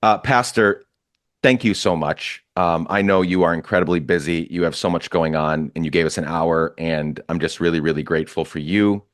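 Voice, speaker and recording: A man's voice: low-pitched, fairly even intonation, normal speed, no room sound, studio quality. A man hosting a podcast, wrapping up with effusive, enthusiastic thanks to his guest. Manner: effusive, enthusiastic, warmly grateful. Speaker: podcast host. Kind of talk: casual podcast chat.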